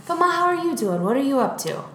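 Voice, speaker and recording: A woman's voice: sits high, sing-song, quick pace, fairly bright tone, echoey room, slight background noise. A woman comedian in an improvised comedy scene, talking eagerly and reassuringly, often restarting her sentences.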